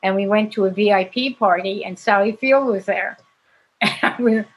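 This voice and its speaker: Woman, actress guest on a video-call interview; husky, chatty storyteller who laughs a lot. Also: mid-range voice, moderate pace, low-quality recording. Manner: chatty, laughs often while telling stories. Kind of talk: casual anecdote telling.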